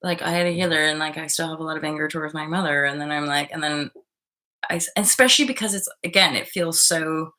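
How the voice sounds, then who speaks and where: A young woman hosting a tarot livestream, chatting candidly and swearing freely as she reads out viewer comments and retells her own experiences with sudden loud outbursts. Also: low voice, fast. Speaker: livestream host reading tarot. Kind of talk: casual livestream chat.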